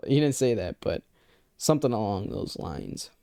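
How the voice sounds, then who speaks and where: A man's voice: lowish voice, lively intonation, normal speed, gravelly, warm tone, no room sound, studio quality. Rambling, foul-mouthed young man. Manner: rambling, profane, heavy on filler phrases. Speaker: vlogger. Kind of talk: casual storytime.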